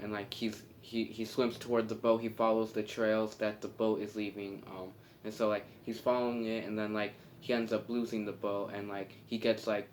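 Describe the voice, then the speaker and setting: A man casually retelling a film's plot, halting and full of fillers and restarts. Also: fairly low pitch, slight background noise. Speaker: movie reviewer.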